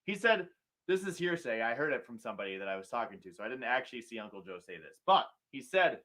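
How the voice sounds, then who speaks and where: A man's voice: medium pitch, very animated, quick pace, fairly bright tone. A middle-aged man hosting a political talk show, ranting sarcastically and mocking politicians in put-on quotes.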